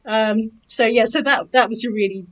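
A woman's voice: fairly high pitch, moderate pace, a bit bright, poor audio. A woman poet in a casual chat about her writing, talking hesitantly with many fillers. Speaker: poet and author.

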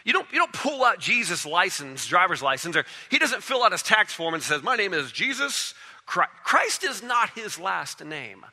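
A male pastor tells his stories in an animated sermon, with a high, bright and cutting voice. A long reverb from a large hall trails every phrase. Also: normal speed, hardly any pauses. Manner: animated storytelling, acting out characters.

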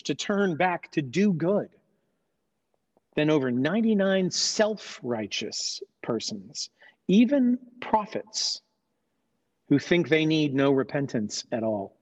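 A man voicing God as a stern yet tender fatherly deity in a dramatized sermon retelling, earnest and emphatic. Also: on the high side. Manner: earnest, questioning, rising to emphatic. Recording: dull lo-fi recording.

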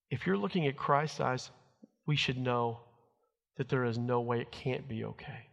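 A man's voice: mid-range voice, normal speed, gravelly, fairly bright tone, big-room sound, lo-fi sound. A middle-aged man preaching to his church, telling a family story in a folksy way and acting out what people said. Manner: folksy storytelling, acts out quotes. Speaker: pastor. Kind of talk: sermon with personal stories.

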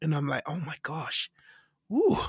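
Gravelly high-voiced middle-aged guy telling stories, does all the voices. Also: measured pace, dry recording, clean studio sound. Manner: animated, acts out quoted voices with big pitch jumps. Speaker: singer and interview guest. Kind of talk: casual storytelling interview.

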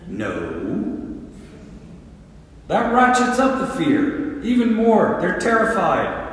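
A man preaching a sermon as pastor, deliberate and full of rhetorical questions and repeated words. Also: sits high, very animated, slight background noise. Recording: echoey hall from a distant mic.

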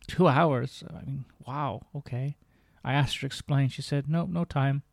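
A man's voice: medium pitch, steady tone, unhurried, slightly rough, dry recording, studio quality. Earnest man reading his memoir. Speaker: podcast host.

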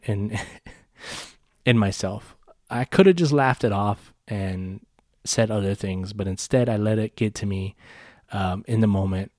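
A man with a fairly low voice tells a story on a podcast in a casual, rambling way. He swears freely and keeps restarting his sentences. The sound is dry and close. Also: normal speed, darkish tone, no echo. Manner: rambling, profane, many restarts. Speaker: podcast host.

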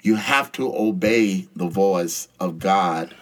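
Animated man sharing a faith story. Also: low-pitched, takes it slowly. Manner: animated, acts out both sides of conversations. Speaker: speaker on faith. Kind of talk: casual spiritual talk.

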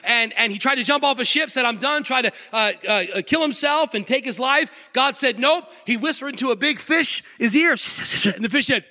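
A pastor preaching a sermon in a church hall, his voice very high and bright. He tells the story with lively energy and keeps checking in with the congregation, and a long reverb trails behind each phrase.

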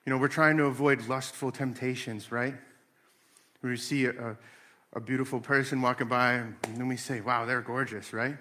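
A man's voice: mid-range voice, moderate pace. A man in his late thirties talking casually about faith and family, telling stories and acting out voices. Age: 30s. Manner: animated storytelling with acted-out voices.

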